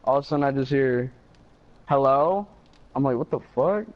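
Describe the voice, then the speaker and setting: A man's voice: mid-range voice, fast. Young Michigan guy on muffled party chat, easygoing and rambling, mid-range voice. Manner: laid-back storytelling with fillers and swearing. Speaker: gamer chatting on a live stream. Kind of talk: casual chat. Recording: slightly dull party-chat audio.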